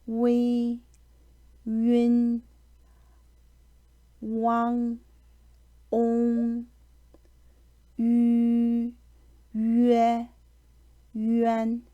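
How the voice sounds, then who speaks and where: A woman teaching pronunciation, reading a lesson aloud slowly and enunciating each sound with care. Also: medium pitch, vocal fry, a little mellow. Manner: slow, deliberate, careful enunciation with pauses. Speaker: language teacher.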